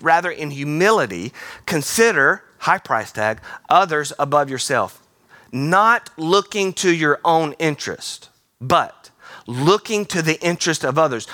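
A man preaching a sermon in a theater, energetic and playful, slipping into quick voices. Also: a little high, dry recording. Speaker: pastor.

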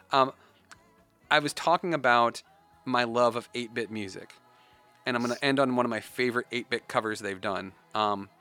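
A man's voice: lowish voice, pushed and bright. A man hosting a podcast in casual chat, rambling with lots of ums and uhs. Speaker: podcast host.

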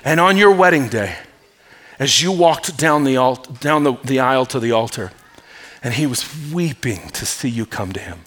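A man's voice: mid-range voice, moderate pace, fairly bright tone. A male pastor preaching a sermon in an emphatic way, calling on the congregation to respond. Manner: emphatic, calls for audience response. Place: church.

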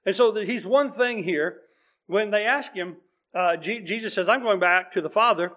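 High-voiced man preaching a sermon. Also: moderate pace. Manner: explanatory, swings between emphatic and hushed.

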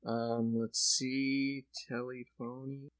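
A man's voice: medium pitch, little pitch movement, slow pace, dry recording, clean studio sound. A man hosting a comedy podcast, rambling casually with lots of swearing and jokes. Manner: rambling, laid-back, swears freely, jokey. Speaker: podcast host.

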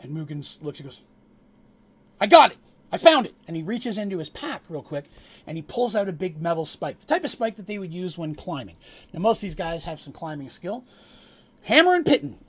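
Husky guy gm telling the adventure, talks to the players on the side, kinda highish voice. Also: a little fast. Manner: animated storytelling with asides to players. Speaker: game master. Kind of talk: narrating a tabletop game.

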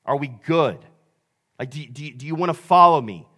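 A man voicing a calm, gentle adult male teacher who speaks in a plain, reassuring way. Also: fairly high pitch, normal speed.

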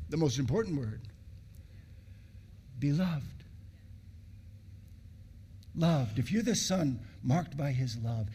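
A man delivers a sermon that shifts between loud, raised bursts and low, hushed lines, repeating phrases to drive points home.

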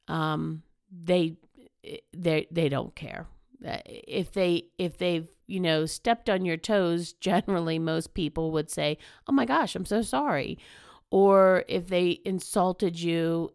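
A woman's voice: fairly low pitch, vocal fry, smooth, no echo, studio quality. A woman hosting a podcast, talking earnestly and emphatically in a conversational, motivational monologue. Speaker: podcast host.

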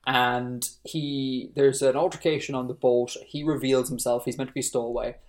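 A podcast co-host chatting casually, ranting with animation and rising pitch when worked up. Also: fairly even intonation, moderate pace.

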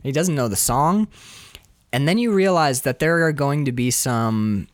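A man talks casually on a podcast, his voice sitting in a middle pitch. He tells stories in a loose, rambling way and drops into playful quoted voices now and then. The sound is dry and close. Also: measured pace, no room sound. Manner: animated storyteller, jumps into playful quoted voices; loose, rambling delivery with restarts. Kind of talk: casual chat about a film.

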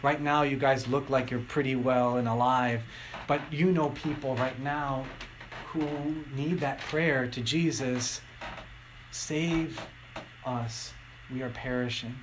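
Middle-aged male preacher, unhurried, animated storyteller, faint room noise. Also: medium pitch. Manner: animated storytelling, acting out quotes. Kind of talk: sermon.

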